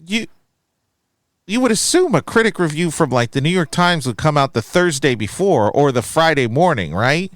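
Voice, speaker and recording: A man in his thirties talks through a movie in a casual podcast chat. His smooth, resonant voice swings widely in pitch as he quibbles with a critic's review. The sound is dry and close. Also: moderate pace, no room sound. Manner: animated, reads review aloud, quizzical. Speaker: podcast co-host.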